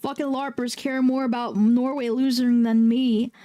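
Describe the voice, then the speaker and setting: A woman streaming a game, chatting casually with viewers and breaking into loud, excitable, swearing outbursts. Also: on the high side, normal speed. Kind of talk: casual livestream chat.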